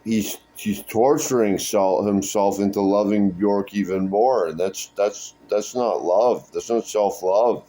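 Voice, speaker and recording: A man voicing a mildly judgmental male support-group leader who talks haltingly. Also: on the low side, mellow, lightly acted. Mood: chiding.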